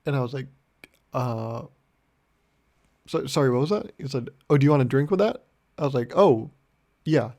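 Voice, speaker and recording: A young man hosting a solo podcast, telling rambling deadpan stories full of swearing and acting out both sides of a conversation. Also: medium pitch, moderate pace, pauses often. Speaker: podcast host. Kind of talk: solo comedic storytelling podcast.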